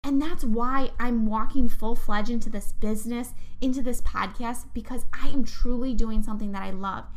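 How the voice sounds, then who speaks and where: A woman's voice: on the high side, steady tone, normal speed, hardly any pauses. A young woman hosting a motivational podcast, talking straight to her listeners in an upbeat, heartfelt way. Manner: enthusiastic, heartfelt, speaks directly to listeners. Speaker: podcast host.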